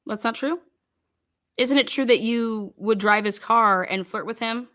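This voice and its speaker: Woman, bright forceful voice, a bit high, rapid-fire mock cross-examination. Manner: rapid-fire pointed questioning. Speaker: commentator.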